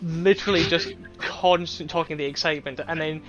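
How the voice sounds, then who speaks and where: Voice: medium pitch, fairly even intonation, fairly quick, few pauses, fairly bright tone, muffled recording, soft background music. A game master narrating a tabletop role-playing game.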